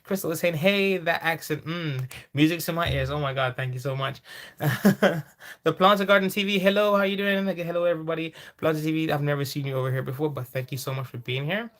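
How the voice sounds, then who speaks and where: A man hosting a farming livestream. He chats casually and reads out viewer comments, breaking into sudden high-pitched exclamations. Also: fairly even intonation, brisk, a bit bright. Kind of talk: casual live chat, reading viewer comments.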